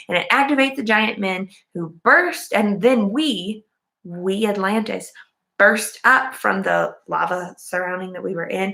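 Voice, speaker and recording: Woman rambling thru a movie review, kinda gravelly fry voice, middle pitch, lots of likes and ums. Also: moderate pace, bright, forceful tone. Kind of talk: casual spoken movie recap and review.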